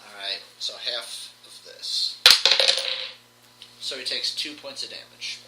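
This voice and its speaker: A man's voice: mid-range voice, takes it slowly. A man playing a tabletop game, chatting casually and joking. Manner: joking and animated. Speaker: player. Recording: echoey room, background noise.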